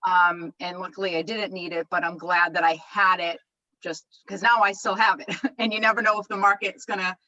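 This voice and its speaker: A woman with a fairly low but bright, forward voice talks casually on a group call. She tells her own experience in a loose, chatty way. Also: steady tone, fairly quick, muffled recording. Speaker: training call participant. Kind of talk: casual chat.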